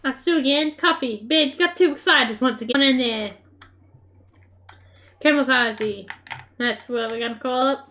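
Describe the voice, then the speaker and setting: Woman yelling at other players while gaming, kinda high voice, laughs a lot, faint keyboard clicking behind. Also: unhurried, long pauses, a little hiss or hum. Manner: excitable, laughing, playful trash talk. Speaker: gaming creator. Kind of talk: live gameplay commentary.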